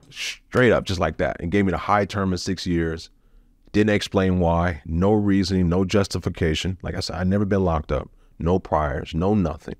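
A man's voice: low-pitched, steady tone, moderate pace, no echo, studio quality. A man telling his own story as a podcast guest, blunt and profane, with emotional swings. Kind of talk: candid personal storytelling.

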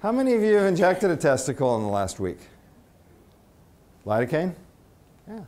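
A man giving a conference lecture as a veterinarian, chatty and halting with restarts, quizzing the audience. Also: on the high side, sing-song, background noise. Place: conference room.

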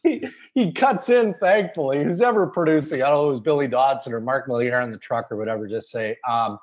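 A man's voice: mid-range voice, fast talker. A man co-hosting a podcast, telling a self-deprecating story in a casual chat. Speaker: podcast co-host.

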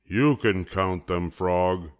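A man's voice: sits low, slow pace. An older man voicing a sleepy, grumpy male toad in a storybook read-aloud, in a drowsy, reluctant way.

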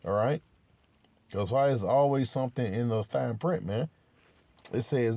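A man giving informal, emphatic scripture commentary, talking with many repetitions and restarts, swearing freely and slowing down to read verses aloud. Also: mid-range voice, big pitch swings, mellow, dry recording. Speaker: religious commentator.

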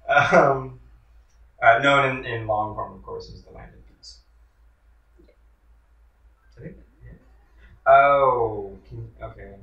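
A man's voice: medium pitch, slow, vocal fry, long pauses, bright, forceful tone, echoey room, distant mic, lo-fi sound. A man hosting a casual chat while playing a video game, joking and chatty, trailing off with fillers. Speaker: host. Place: indoors at home in an apartment.

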